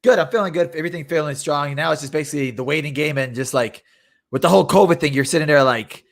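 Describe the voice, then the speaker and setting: Guy co-hosting a podcast, talks fast, laid-back chat. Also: fairly high pitch, vocal fry. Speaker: co-host, fighter.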